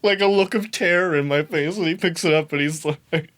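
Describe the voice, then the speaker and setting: A young man telling a story in a casual, animated way, swearing often and laughing as he talks. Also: fairly high pitch, brisk. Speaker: podcast host.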